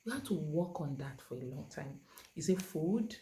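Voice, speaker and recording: Low-voiced woman teaching with emphasis. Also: warm tone. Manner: emphatic, repeats key words with stress; halting, with many fillers. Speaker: autism communication educator. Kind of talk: instructional talk to parents.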